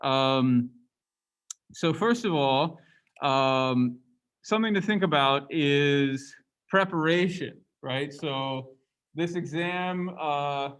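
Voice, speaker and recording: A man with a fairly high voice lectures a university class in a relaxed, conversational way. He keeps checking in with rhetorical questions as he goes. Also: takes it slowly, clear, resonant tone.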